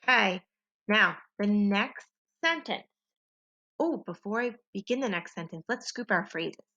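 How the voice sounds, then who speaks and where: Slow, lively-voiced woman teaching young kids. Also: medium pitch, lo-fi sound. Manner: slow, clear, exaggerated sentence modeling for young kids. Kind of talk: children's phonics lesson.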